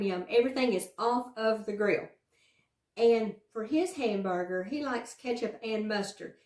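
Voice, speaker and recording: A woman's voice: fairly high pitch, a little mellow, reverberant. A woman with a Southern US accent hosting a casual home cooking show, chatting in a folksy, encouraging way from her kitchen. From Southern United States. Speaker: cooking channel host.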